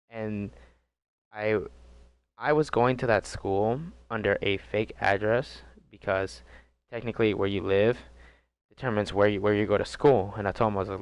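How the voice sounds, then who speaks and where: A 19-year-old man telling a rambling, animated story with crude jokes in a casual vlog. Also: fairly low pitch, normal speed, smooth, no echo. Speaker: vlogger.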